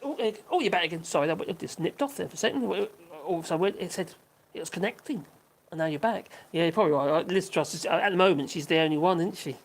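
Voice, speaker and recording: An older woman with a voice on the low side talks at a quick pace while hosting a casual livestream. She rambles through viewer comments, reading them out amid frequent giggles and restarts.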